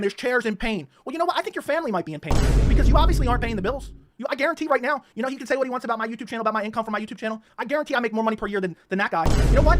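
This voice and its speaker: A man's voice: sits high, fairly bright tone. A man with a Baltimore accent hosting his own channel, delivering a heated, mocking rant and repeating himself as he goes. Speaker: YouTube channel host. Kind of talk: ranting monologue.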